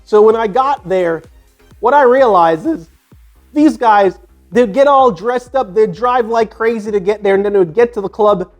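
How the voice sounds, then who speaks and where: A Jamaican-accented man in his sixties hosts a podcast, reminiscing in a loose, rambling monologue full of restarts and "you know" asides. His voice sits notably high for a man. A faint bed of music plays quietly beneath him. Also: normal speed. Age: 60s. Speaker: podcast host. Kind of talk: casual storytelling monologue.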